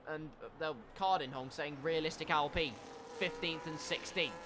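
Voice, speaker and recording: A man doing live commentary on an online sim race, lively and jokey, sometimes bursting into shouts. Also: a little high, moderate pace, noisy background. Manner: excitable, jokey, breaks into shouts.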